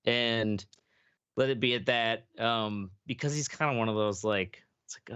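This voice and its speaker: Male podcast co-host, loose casual storytelling, middle pitch, lo-fi dry sound. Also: measured pace, a bit bright, clean tone, dry recording. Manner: rambling, swears freely, trails off with fillers. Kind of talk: casual chat.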